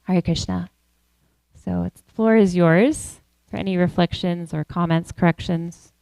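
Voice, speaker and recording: A woman giving a devotional class, telling a story in measured phrases and slowing down to stress key words. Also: on the low side, steady tone, gravelly, warm tone, smooth, no echo, low-quality recording. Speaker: class speaker.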